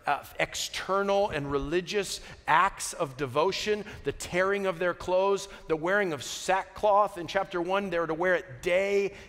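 A man preaching a sermon, earnest and unhurried, moving from quiet reflection to emphatic peaks with joking asides. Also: high voice. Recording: long hall reverb.

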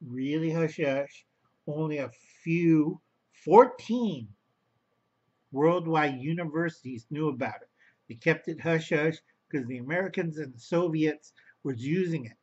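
In a home video, a vlogger rambles through a monologue, addressing his viewers as boys and girls and referring to himself by name in the third person. His voice is on the high side, darkish and husky, delivered at a moderate pace, and the audio sounds dull.

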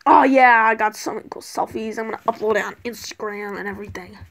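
A woman's voice: a little high, fairly quick, fairly bright tone. A woman voicing a spoiled, whiny young male turtle prince who pleads and gushes in a homemade toy skit. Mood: excited.

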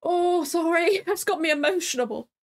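A woman hosting a reaction video, chatting casually, excitable, swearing freely and getting emotional. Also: very high voice, moderate pace.

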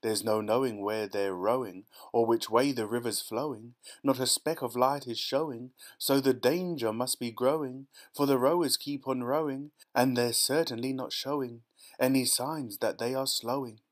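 A man voicing an eccentric, excitable male chocolate-maker who shouts gleefully and chants in rhyme. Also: mid-range voice, moderate pace, lightly acted. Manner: gleeful, shouting, sing-song rhyming.

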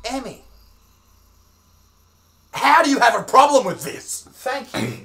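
An Australian man with a high, bright voice delivers a sarcastic comedic rant. His pitch swoops all over, with a crude, over-the-top bite. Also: sing-song, slow pace, creaky. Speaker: comedian on a video clip.

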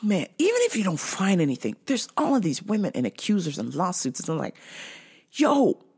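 A woman delivers a casual solo podcast monologue as a profane, animated rant. Her voice sits on the low side for a woman but leaps up and down constantly as she tells her stories. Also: fairly quick, slightly rough. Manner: profane, ranting, animated storytelling. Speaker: podcast host.

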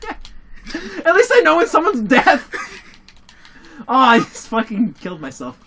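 A young adult with a bright, forceful voice trades crude jokes and bursts of laughter while playing a game with friends. The speech is loose and rambling, full of swearing and sudden excited outbursts. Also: high voice, unhurried, a little hiss or hum. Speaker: let's-play commentator. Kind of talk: casual gaming chat and storytelling.

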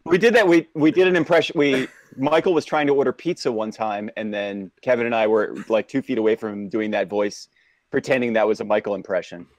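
A man chatting as a podcast guest, playful and quick to laugh as he tells anecdotes. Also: medium pitch, no room sound. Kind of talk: casual group chat.

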